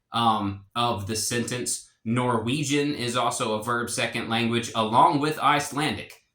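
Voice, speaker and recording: A man explaining a language lesson in a relaxed, rambling way, with fillers and restarts. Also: mid-range voice, roomy sound. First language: English. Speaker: language teacher.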